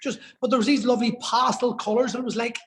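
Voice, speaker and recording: A man's voice: very high-pitched, steady tone, fast talker, a bit bright, poor audio. A man telling a personal story as a podcast guest, earnest and emotional, swearing for emphasis.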